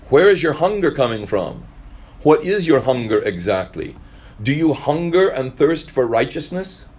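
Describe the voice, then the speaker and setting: A man's voice: a little high, darkish tone, husky. A man preaching a sermon in a conversational way, now and then acting out the voices of the people he quotes. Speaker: pastor.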